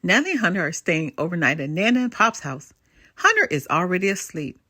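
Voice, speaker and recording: An older woman reading a bedtime story aloud to children in an expressive, lilting way. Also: fairly low pitch, a little fast, no echo, clean studio sound.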